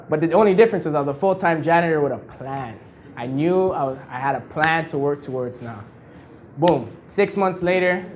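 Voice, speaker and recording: A man in his thirties giving a motivational storytelling speech at a launch party, animated and laughing often. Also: a little high, a little hiss or hum. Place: event venue with an audience.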